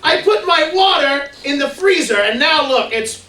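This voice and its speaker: Bright high-voiced man quizzing kids. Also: animated, moderate pace. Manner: playful, asks the kids questions. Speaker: children's ministry presenter. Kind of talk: comedic science skit for kids. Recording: echoey room, mic far off, faint noise.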